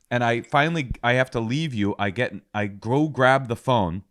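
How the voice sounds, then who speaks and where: A man's voice: mid-range voice, normal speed, clean tone. A man co-hosting a comedy podcast, telling a story with acted-out quotes in casual chat. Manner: animated storytelling, acts out quotes loudly. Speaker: podcast co-host.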